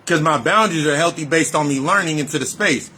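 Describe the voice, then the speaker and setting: At a quick pace, a man with a slightly high, bright, forceful voice delivers a freewheeling spiritual monologue, with slight background noise present. He is a spiritual reader and life coach whose casual, profane talk runs on loosely and repeats phrases for emphasis.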